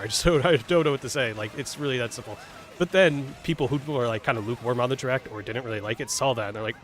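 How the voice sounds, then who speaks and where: A man's voice: medium pitch, racing, soft background music. A man casually commenting while playing a game, rambling with lots of fillers, swearing and laughing at his own mistakes. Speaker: gaming streamer.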